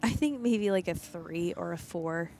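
A woman's voice: lowish voice, measured pace, gravelly, darkish tone. A young woman co-hosting a casual podcast, with dry, teasing replies. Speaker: podcast co-host. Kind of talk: casual chat.

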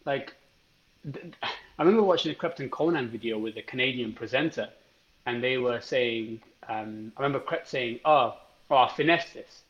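A man's voice: medium pitch, moderate pace, muffled recording. A British man co-hosting a podcast, telling anecdotes in casual chat and swearing freely. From Britain. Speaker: podcast co-host.

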